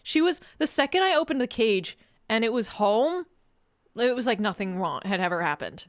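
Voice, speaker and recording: Woman, streamer, casual rambling chat, laughs a lot, bit high-pitched. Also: big pitch swings, moderate pace, dry recording, studio quality. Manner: chatty, rambling, laughs often. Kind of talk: casual chat, reading chat messages.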